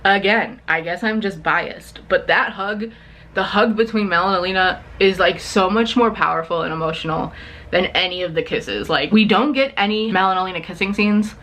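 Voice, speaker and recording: A woman recapping a TV series in a casual, gossipy vlog, animated and swearing freely. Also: medium pitch, moderate pace. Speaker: book and TV vlogger.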